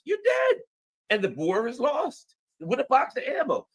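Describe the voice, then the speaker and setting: Lively rambling male co-commentator. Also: very high-pitched, measured pace, slightly rough. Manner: rambling, restarts, animated. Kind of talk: political commentary chat.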